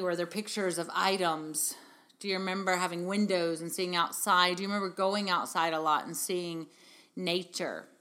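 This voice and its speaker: A middle-aged woman speaks in a bright, forceful voice on the low side, giving mothers a heartfelt motivational talk. She hosts a podcast and speaks on parenting, and she's earnest and encouraging, with many rhetorical questions.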